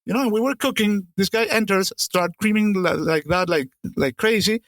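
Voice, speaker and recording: This man co-hosts a podcast and shares a kitchen story over casual conversation at a moderate pace. He sits high in pitch, curses liberally, and sometimes gropes for the right word, with no room sound in the recording.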